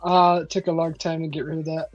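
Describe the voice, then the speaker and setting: A Californian woman hosts a casual chat, rambling with lots of fillers and laughing frequently. Her voice is low-pitched, her delivery flat, and her pace quick, on a dry recording. The audio is dull lo-fi stream sound with faint music behind it.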